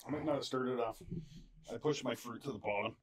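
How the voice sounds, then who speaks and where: A man's voice: mid-range voice, fast talker, crowd noise. A man mixing drinks on a casual podcast, with a dry, teasing sense of humor. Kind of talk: casual chat.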